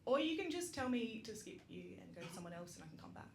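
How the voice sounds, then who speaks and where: Chatty Australian speaker with roomy echo. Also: female voice, mid-range voice, sing-song, fast talker, creaky. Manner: chatty and self-deprecating, laughs often, many ums. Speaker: speaker at a community vigil. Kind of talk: casual storytelling speech. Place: public gathering in a roomy space. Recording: roomy echo with background noise.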